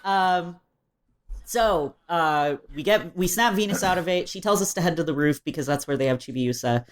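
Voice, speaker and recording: On a podcast, a female co-host chats casually through a game recap, full of laughter and fillers. Her pitch is fairly low and her pace normal.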